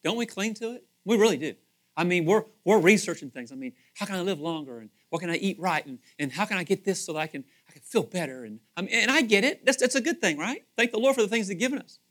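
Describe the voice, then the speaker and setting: A man preaching a sermon in a conversational, animated way, repeating himself and swinging between loud emphasis and quiet asides. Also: high voice, fast talker. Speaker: pastor.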